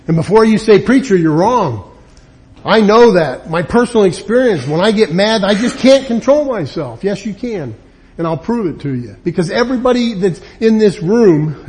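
A man preaching a sermon, emphatic, acting out the people he quotes. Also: high voice. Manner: emphatic, acts out quoted people with lively swings. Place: church or meeting room.

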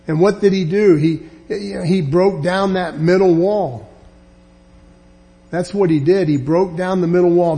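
Slow, mellow-voiced male Bible teacher. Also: fairly high pitch. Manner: earnest, emphatic, with frequent restarts. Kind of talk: verse-by-verse Bible lesson.

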